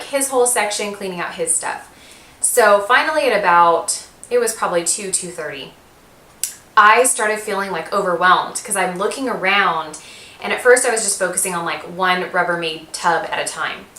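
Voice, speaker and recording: Chatty bright-voiced woman vlogger. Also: medium pitch, echoey room. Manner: chatty, lots of "like" fillers, quotes her own thoughts. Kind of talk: casual pregnancy update vlog.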